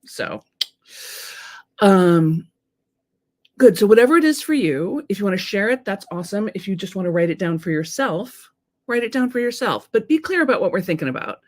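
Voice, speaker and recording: A woman hosting a live-streamed coaching talk, frank and animated, who swears casually and reads out viewer comments. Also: medium pitch, moderate pace.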